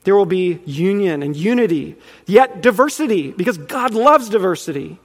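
A man's voice: high voice, sing-song, moderate pace. A man preaching a teaching sermon, earnest and building in emphasis as he quizzes his listeners. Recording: long reverb of a hall.

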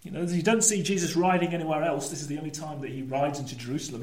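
A male preacher with a fairly high voice delivers a sermon in a church. He moves between lively, rising storytelling and dropped, emphatic asides. The room around him rings with echo. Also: very fast, few pauses.

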